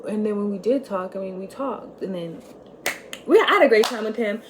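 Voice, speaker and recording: Young woman, vlogger, mid pitch, casual and confiding, fillers everywhere, faint noise under her voice. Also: moderate pace. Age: young adult. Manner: candid and chatty, many "like" fillers, swings between loud and quiet. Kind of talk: casual storytelling monologue.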